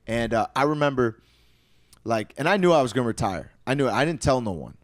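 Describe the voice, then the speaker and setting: A man in his thirties spins a story over a close studio mic in a dry, dead room, his voice at an ordinary middle pitch. He talks animatedly with plenty of profanity and sometimes sinks into quiet asides. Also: expressive, fast talker, no echo. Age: 30s. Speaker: podcast co-host, retired fighter. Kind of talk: casual storytelling chat.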